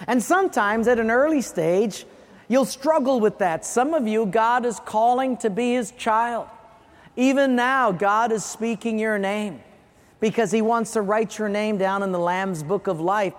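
A male pastor from Hawaii preaching a sermon, telling personal stories earnestly and repeating phrases for emphasis. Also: sits high. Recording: echoey hall reverb.

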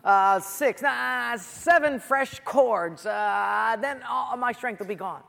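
Preacher doing Samson, a loud, halting strongman. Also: mid-range voice, steady tone, creaky, full character voice. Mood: boastful. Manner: loud, halting, making things up as he goes. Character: strong, gullible, boastful man, Samson. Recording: long reverb of a large hall.

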